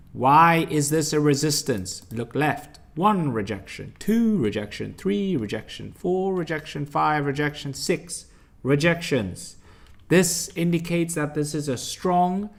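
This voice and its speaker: A young man hosting a live stock trading stream, blunt and emphatic, quizzing and scolding his viewers as he reads the chat. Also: fairly high pitch. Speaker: stock trading livestream host.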